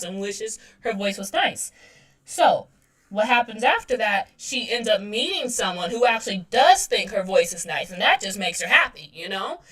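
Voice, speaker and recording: A woman's voice: mid-range voice, a bit bright. A woman in her thirties chatting casually on a livestream while drawing, self-deprecating and laughing often. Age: 30s. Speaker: webcomic artist streaming.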